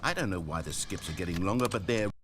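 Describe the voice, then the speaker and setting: A man's voice: low-pitched, fast talker, a bit bright. An actor playing a weary, lonely male narrator of a game, dry and theatrical, with a faint hum behind him. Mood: wry. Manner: dry, theatrical, exasperated storytelling.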